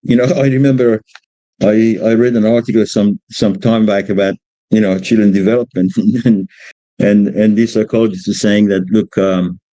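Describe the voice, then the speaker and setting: A man from Australia, a father, speaking informally about raising children, halting and repeating words as he tells stories about his young son. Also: fairly low pitch, fairly even intonation, mellow, no room sound, rough recording. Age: adult parent of a two-year-old. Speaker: speaker giving a religious exposition on parenting. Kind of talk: informal talk with personal stories.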